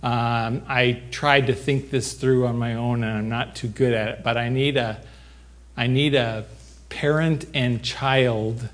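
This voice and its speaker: Pastor, male, mid-range voice; slow, easygoing sermon delivery that chats with the congregation. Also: mid-range voice, steady tone. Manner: unhurried, conversational, joking with the congregation. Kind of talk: sermon with a live demonstration.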